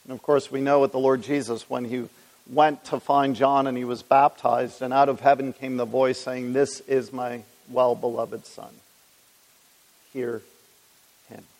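A male preacher with a gravelly edge to his voice, working verse by verse through scripture for a live audience. He talks in a conversational way and puts questions to the room. His voice carries a long reverb tail, as in a large hall. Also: medium pitch, darkish tone. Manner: conversational, reads scripture aloud, asks the congregation questions. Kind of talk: expository Bible teaching.

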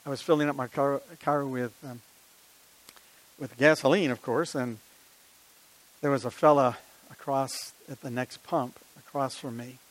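A man's voice: medium pitch, fairly even intonation, measured pace, pauses often, poor audio. An older man, preaching a sermon in a conversational style with many rhetorical questions and personal stories.

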